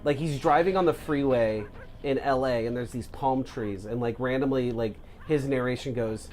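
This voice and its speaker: A man's voice: mid-range voice, normal speed, darkish tone. A young man co-hosting a let's play, rambling casually and swearing, packing his sentences with "like". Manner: rambling, profane, heavy use of "like". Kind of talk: casual gameplay chat.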